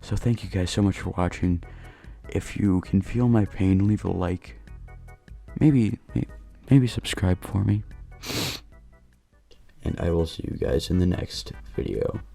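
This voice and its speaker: Low, slow-talking man telling a story. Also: gravelly, dark tone, soft background music. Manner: rambling, self-deprecating storytelling. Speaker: gaming channel host. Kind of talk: storytime voice-over. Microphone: voice-over recorded late at night.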